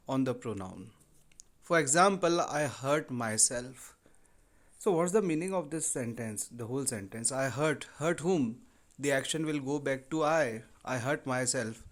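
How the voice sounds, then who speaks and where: A man with an Indian English accent teaching a grammar lesson, explaining slowly and repeating each point. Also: medium pitch.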